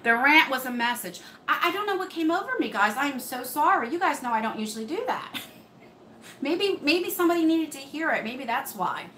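Woman, live-stream beauty host, chatty, bright voice, echoey home room. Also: high voice, expressive, fairly quick, a little hiss or hum. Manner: chatty, reads and answers comments. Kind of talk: live stream chat with viewers. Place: home room under hot lights.

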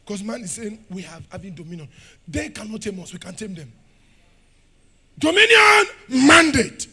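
A middle-aged Nigerian pastor preaching a fiery sermon in a church, shouting, laughing and firing questions at the congregation. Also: male voice, high voice, fast talker, husky.

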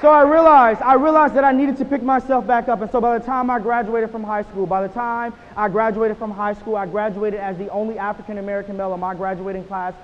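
A young man in his twenties delivers a motivational keynote in a high voice. He is punchy and repetitive, often checking in with "right?" His voice sounds dull and echoes through a large hall, with faint hiss behind it. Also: steady tone, fast talker, few pauses. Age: 20s. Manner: punchy, repeats phrases and asks "right?". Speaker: motivational speaker.

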